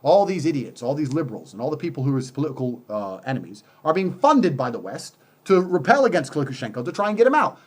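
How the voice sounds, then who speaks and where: A high-voiced man rants fast and heatedly, swearing and piling on sarcasm. His pitch swings all over as he hammers his points home. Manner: heated, profane, emphatic, sarcastic. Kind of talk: conversational rant.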